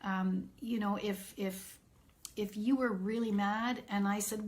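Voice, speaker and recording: Middle-aged woman, parent coach on a live stream, unhurried and earnest. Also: mid-range voice, steady tone, a little mellow. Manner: earnest, reassuring, thinks aloud with fillers.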